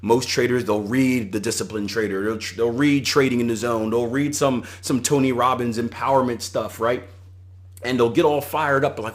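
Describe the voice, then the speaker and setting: A man's voice: mid-range voice, fairly quick. A middle-aged man hosting a solo podcast, giving conversational coaching advice and retelling anecdotes with animation. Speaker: podcast host and trading coach.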